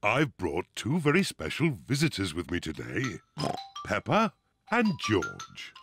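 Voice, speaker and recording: Deep, bouncy, bumbling daddy pig, cartoon, music behind. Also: male voice, huge pitch swings, unhurried, exaggerated voice. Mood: cheerful. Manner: jolly, bumbling. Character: jolly clumsy father pig.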